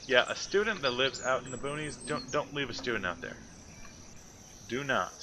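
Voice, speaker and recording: A man plays a city-building game and thinks aloud, muttering casual commentary to himself. His mid-range voice has lively intonation and a moderate pace, with background noise behind it.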